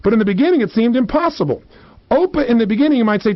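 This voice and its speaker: A man, a motivational speaker, teaching a self-help lesson with lots of energy and acting out people's voices with big swings in pitch. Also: animated, racing, no room sound. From United States. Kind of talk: recorded self-help seminar. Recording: dull lo-fi audio, dry.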